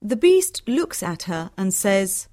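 Slow measured woman narrating a storybook. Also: mid-range voice, big pitch swings, warm tone, dry recording, clean studio sound.

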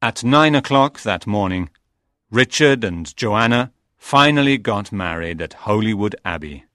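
A man narrating a simple storybook slowly and deliberately. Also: fairly low pitch, animated, fairly bright tone, no echo, clean studio sound. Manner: slow and deliberate.

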